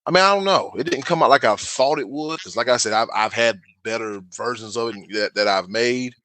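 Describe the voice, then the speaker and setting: A man's voice: medium pitch, fairly quick, sharp tone, no echo. A man with a South Carolina accent, co-hosting a podcast and telling stories in a laid-back, joking way. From South Carolina, USA. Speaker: podcast co-host. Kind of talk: casual chat.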